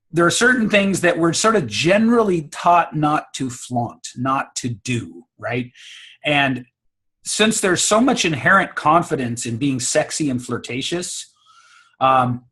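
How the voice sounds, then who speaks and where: Husky higher-voiced American man explaining. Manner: expressive, laughs often, teacherly. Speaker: guest speaking coach. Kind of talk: conversational interview, explaining.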